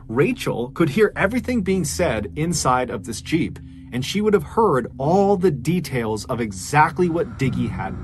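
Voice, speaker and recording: A man tells a true crime story in a relaxed, conversational podcast manner, dropping in casual asides as he goes. His voice sits in an ordinary middle pitch. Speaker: podcast narrator.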